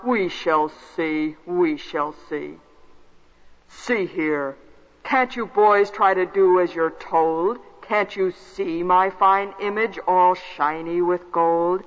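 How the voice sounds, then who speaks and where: Proud old King Nebuchadnezzar. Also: high voice. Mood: commanding. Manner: slow, commanding, theatrical. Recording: lo-fi recording with long reverb.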